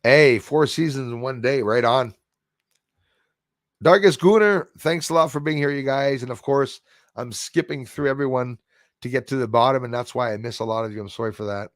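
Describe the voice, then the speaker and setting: A man's voice: medium pitch, normal speed, dry recording, clean studio sound. A man hosting a casual live stream, rambling as he greets viewers and reads their chat comments aloud.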